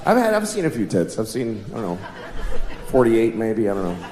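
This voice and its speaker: An American man performing stand-up with a wildly animated delivery, his pitch sitting a little high and leaping around as he builds each bit. He sounds some way off the mic in an echoing room, with a big audience and heavy noise all around. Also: brisk, a crowd in the background. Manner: animated, shouting punchlines in put-on voices. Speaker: stand-up comedian. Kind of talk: stand-up comedy set. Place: comedy stage before a live audience. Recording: roomy live venue recording from a distance. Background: audience laughter.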